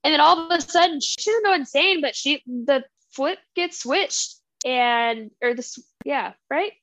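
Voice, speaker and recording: A young woman co-hosting a podcast, excitedly retelling a book in slangy casual chat. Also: sits high, a little slow, no echo. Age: young adult. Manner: enthusiastic, giggly, slangy retelling. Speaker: podcast co-host.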